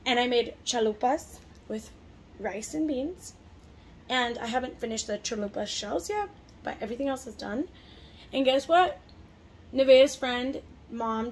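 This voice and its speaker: A woman's voice: on the high side, slight background noise. A young woman in her twenties chatting casually to camera, rambling with frequent fillers and little laughs. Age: 20s. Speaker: vlogger.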